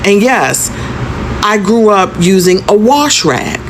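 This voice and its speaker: A woman's voice: medium pitch, big pitch swings, slow, noisy background. Outspoken middle-aged woman with a Southern accent, emphatic and direct, voiced by a woman. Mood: frank.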